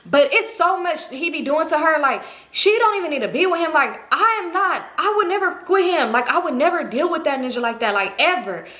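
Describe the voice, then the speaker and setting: A woman putting on a shrill, defensive young woman near tears. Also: animated, brisk, few pauses, a bit bright, echoey room. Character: angry tipsy young woman caught cheating.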